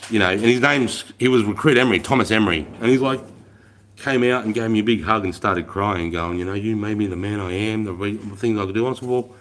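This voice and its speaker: A middle-aged Australian man, an army veteran, chatting on a livestream and telling stories in an animated, profane way. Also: mid-range voice, slight background noise. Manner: profane, animated storytelling, swears constantly. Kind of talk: casual livestream chat.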